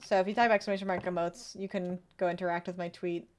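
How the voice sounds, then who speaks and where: A young woman streaming a horror game, chatting casually with viewers, greeting them and reading chat, with sudden excited outbursts between quiet mutters. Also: lowish voice, fast, a little hiss or hum.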